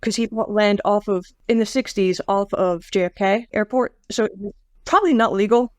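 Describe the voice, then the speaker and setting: A woman's voice: medium pitch, moderate pace, no room sound, studio quality. A middle-aged woman co-hosting a podcast, chatting casually about a book with wry jokes. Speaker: podcast co-host. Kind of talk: casual book-discussion chat.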